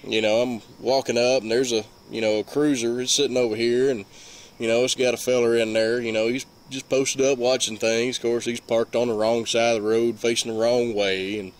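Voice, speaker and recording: A man's voice: mid-range voice, level tone, a little fast. A man with a Mississippi Southern accent telling a long story in a rambling, folksy way with lots of fillers. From Mississippi, USA. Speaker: vlogger. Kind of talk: casual storytelling.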